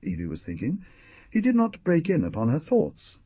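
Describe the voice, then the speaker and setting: A man narrating an audiobook in a dramatic style, with a husky voice and lively delivery of the characters' lines. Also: a little high, moderate pace, no echo. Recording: dull, muffled studio recording.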